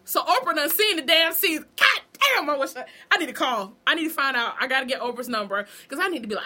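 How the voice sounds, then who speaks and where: A woman from Savannah, Georgia, recapping TV shows in a casual, profane and animated way. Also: sits high, quick pace, hardly any pauses. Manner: profane, animated, acts out characters. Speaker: TV recap vlogger.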